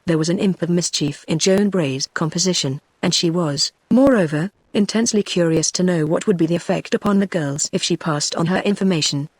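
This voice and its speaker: A text-to-speech woman's voice with a British English accent, reading a novel as scripted narration at an even pace. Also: lowish voice, a little fast, hardly any pauses, slightly rough, dry recording. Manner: evenly paced synthetic reading. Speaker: audiobook narrator.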